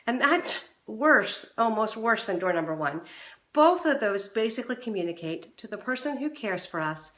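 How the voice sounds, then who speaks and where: A middle-aged woman hosts an advice talk with a fairly high, bright voice. She talks straight to the viewer and is lively and expressive. She acts out the lines people say, with big jumps in pitch. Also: moderate pace, roomy sound. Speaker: relationship coach and show host. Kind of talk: direct-to-camera advice talk.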